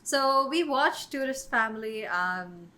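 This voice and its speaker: Woman podcast cohost, bright voice, rambly chat full of likes and ums. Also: on the high side, lively intonation, slow. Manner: chatty, many fillers like "um" and "like". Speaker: podcast co-host. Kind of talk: casual film discussion.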